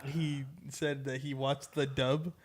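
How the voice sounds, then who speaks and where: A man's voice: medium pitch, level tone, slow pace. A man co-hosting a podcast in casual chat, telling a story with lots of laughter and acted-out quotes. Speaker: podcast co-host.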